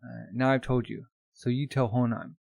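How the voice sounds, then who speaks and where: A man doing a gruff old grandma mechanic. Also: mid-range voice, flat delivery, moderate pace, darkish tone, no room sound, lightly acted.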